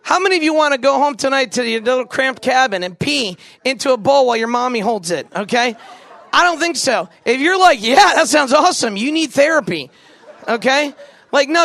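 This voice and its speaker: A man in his forties telling a comedic story to a live audience, animated and jokey, putting questions to the crowd. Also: extremely high pitch, a little fast, gravelly. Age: 40s. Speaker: camp speaker.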